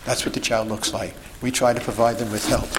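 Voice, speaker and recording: A man's voice: lowish voice, flat delivery, a little fast, noisy background. Emphatic man teaching a group. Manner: emphatic, peppered with rhetorical questions and checks like "okay?" and "see?". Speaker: sidewalk counselor teaching a group. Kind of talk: instructional talk to a group.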